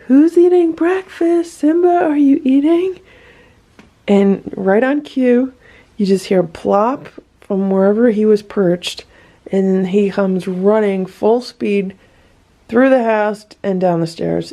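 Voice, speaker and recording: A woman narrating a casual home video about her cats, soft-spoken and often dropping to a whisper, and cooing at the pets. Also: mid-range voice, steady tone, normal speed, vocal fry. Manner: coos at pets in a raised voice. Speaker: cat rescue vlogger.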